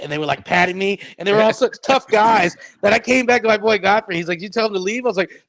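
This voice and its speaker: Comedian guy telling a party story, fast, high voice, dry sound. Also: dry recording. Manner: animated storytelling. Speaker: comedian guest. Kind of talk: casual radio banter.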